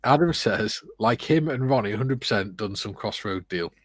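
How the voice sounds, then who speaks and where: A man's voice: on the low side, animated, moderate pace, no echo, studio quality. A man recovering from the flu, casually reading out viewer comments as co-host of a livestream over a video call. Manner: reads out viewer comments, laughs often. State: recovering from flu, phlegmy chest.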